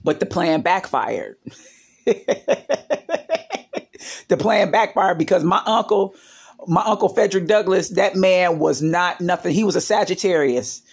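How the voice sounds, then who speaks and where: A woman's voice: lowish voice, animated, normal speed, gravelly, slightly rough. A woman vlogger telling family stories in a rambling, casual way, with many fillers and side remarks. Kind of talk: casual storytelling vlog.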